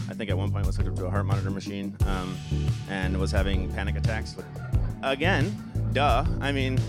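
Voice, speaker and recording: A man, a film producer, giving an enthusiastic motivational talk, filling his sentences with "like". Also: on the low side. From Cleveland, USA. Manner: enthusiastic, frequent filler "like".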